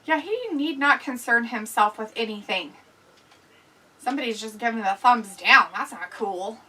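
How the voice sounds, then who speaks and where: High bright-voiced woman host, chatty. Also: normal speed, breathy edge, far from the mic, low-quality recording. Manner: chatty, laughs often, reads comments aloud. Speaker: livestream host reading chat. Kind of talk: casual watch-along chat.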